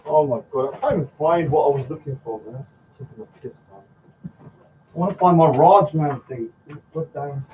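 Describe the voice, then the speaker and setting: A livestreaming artist chats casually with his stream, muttering to himself while he looks for things. His voice is fairly high and moves at a moderate pace, and the dull lo-fi stream audio carries a slight hiss or hum.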